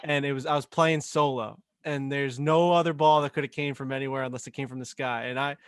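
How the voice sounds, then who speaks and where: A man's voice: medium pitch, steady tone, brisk, smooth, dry recording, clean studio sound. A man co-hosting a podcast, chatting casually and playfully swapping golf stories. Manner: playful, laughing along. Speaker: podcast co-host. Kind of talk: casual chat.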